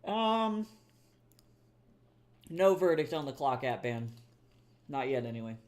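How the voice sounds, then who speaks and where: Here the pitch is medium, swinging widely, and he speaks slowly with a slightly mellow sound. He's a young artist on a live stream, casually reading chat to his viewers, joking at his own expense, swearing a lot, and laughing readily.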